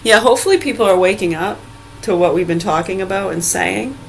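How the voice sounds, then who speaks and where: Brief: woman, forties, mid-pitched, heated profane vlog rant, rambling. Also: fairly quick, gravelly, slight background noise, low-quality recording. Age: 40s. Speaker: vlogger.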